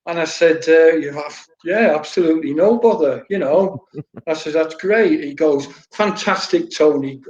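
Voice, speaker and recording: A man's voice: on the high side, normal speed, a little mellow. Storytelling man, roomy lo-fi sound. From Wales. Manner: anecdotal, repeats words, laughs while telling stories. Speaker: former goalkeeper guest. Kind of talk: storytelling interview answers.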